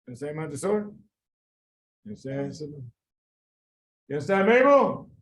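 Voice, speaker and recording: A man tutoring medical students in a lively class, quizzing them by name and repeating the key points. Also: on the high side, a little fast, rough recording. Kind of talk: lively classroom teaching with drills.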